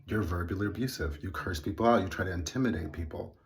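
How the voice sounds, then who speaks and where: A man's voice: sits low, quick pace. A man telling a personal story in a casual monologue, earnest and indignant with wry laughs. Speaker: vlogger.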